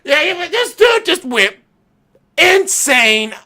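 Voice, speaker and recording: A man hosting his own video, talking in an excited, profane rant and often shouting and laughing. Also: very high voice, slow pace. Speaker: video host.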